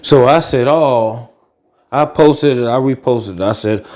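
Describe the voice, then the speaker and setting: Speaking in a mid-range, slightly slow and somewhat mellow voice, a middle-aged man from Akron, Ohio, hosts his podcast as a casual vlog. He rants bluntly, swearing freely, as he wanders from a carpeted living room into a tiled kitchen.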